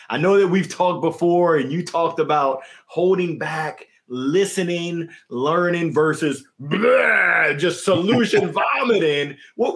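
A male podcast host with a Southern US accent who meets every point with exclamatory, effusive praise. His voice sits somewhat higher than most men's. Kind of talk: enthusiastic interviewer chat.

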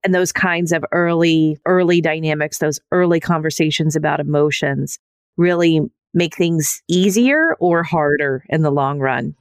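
Woman host, very low voice, reflective, dry close sound. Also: a little slow, smooth, no room sound. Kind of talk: conversational interview.

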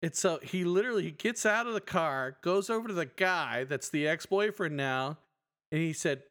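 A man co-hosting a podcast in casual chat, retelling stories with lively acted-out voices. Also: a little high, normal speed. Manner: animated storyteller acting out voices. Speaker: podcast co-host.

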